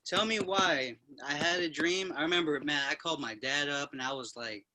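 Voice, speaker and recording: A young man rambles through a dream story, packing his sentences with "like" and sounding a little high. His voice is very bright and sharp, and it sits close and dry with no room around it. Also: normal speed, no echo. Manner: rambling, full of "like", a bit high. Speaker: guest. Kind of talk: casual storytelling.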